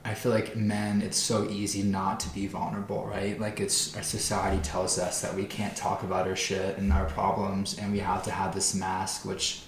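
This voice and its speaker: Young man, low voice, casual podcast chat, constant "like" and "bro", echoey room. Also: normal speed, few pauses, a little hiss or hum. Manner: animated storytelling, says "like" and "bro" constantly. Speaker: podcast co-host.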